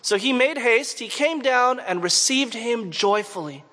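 Very high-pitched and bright, his voice sounds pushed and animated, with a slightly slow delivery. The Montreal preacher keeps his sermon chatty and story-driven, quizzing the audience as the hall's long reverb rings out.

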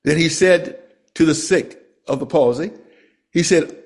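A man preaching a sermon and reading scripture aloud, speaking slowly and deliberately and letting his voice fall at the end of phrases. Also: gravelly, a little mellow. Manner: slow, deliberate, drops pitch at phrase ends.

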